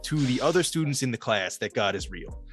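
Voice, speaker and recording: A man co-hosts a comedy podcast and recaps a movie with dry sarcasm, a few curse words and plenty of ums. His voice sits in an ordinary middle pitch, with soft music playing faintly in the background. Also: animated, brisk, breathy edge. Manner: sarcastic, swears freely, many filler ums. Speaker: podcast co-host. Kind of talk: casual comedic movie-review chat.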